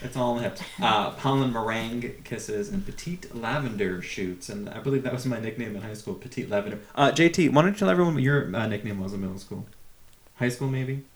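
A man's voice: medium pitch, a little fast. A man hosting a podcast in casual chat, joking around and tripping over long menu names as he runs a quiz game. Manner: jokey, stumbles over long dish names. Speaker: podcast host.

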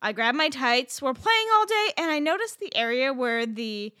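A woman co-hosting a podcast, telling a story in casual chat, animated and swearing freely with lots of fillers. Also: high voice, normal speed, clean tone, no echo, clean studio sound. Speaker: podcast co-host.

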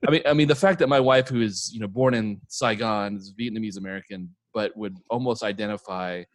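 A man's voice: fairly low pitch, a little fast, no echo. A man co-hosting a podcast in casual chat, agreeable and prone to wandering anecdotes. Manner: agreeable, frequent "yeah", digressive anecdotes. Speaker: podcast co-host.

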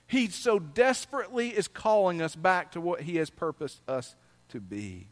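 A male pastor preaching a sermon. His delivery is dynamic, swinging from loud emphasis to soft asides, and he reads scripture with slow, drawn-out emphasis. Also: sits high, expressive.

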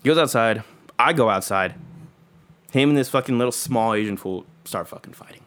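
Recounting a story in a relaxed way, a young man curses a lot, uses slang, and performs the quoted lines. His medium-pitched voice is clear, resonant, and a bit bright, and he talks fairly quickly.

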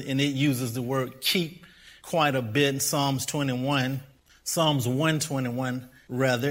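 A middle-aged man preaching a sermon, repeating phrases and building from calm teaching to excited, near-shouting praise. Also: mid-range voice. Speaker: pastor.

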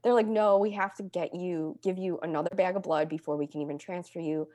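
Young woman, lowish voice, dry close sound, chatty storyteller with deadpan humor. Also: brisk, dry recording. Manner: deadpan humor, acts out quotes with lively pitch jumps. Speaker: guest telling her story. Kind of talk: casual conversational storytelling.

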